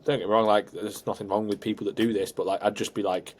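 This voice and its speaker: A man's voice: lowish voice, flat delivery, fast. A young man, co-hosting a podcast, laid-back and rambling with lots of fillers. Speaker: podcast co-host. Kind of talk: casual chat.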